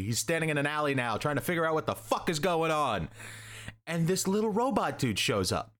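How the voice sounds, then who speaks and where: A man's voice: on the high side, very animated, fairly quick, a bit bright. A young man in casual chat, rambling and joking as he recaps a story and acts out the characters' lines. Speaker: podcast co-host recapping a comic.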